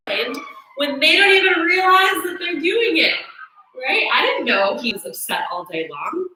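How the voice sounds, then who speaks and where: A young woman teaching yoga philosophy in a casual, animated way, often checking in with "right?". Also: high voice, heavy reverb, noisy background. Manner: animated storytelling with self-quotes, frequent "right?".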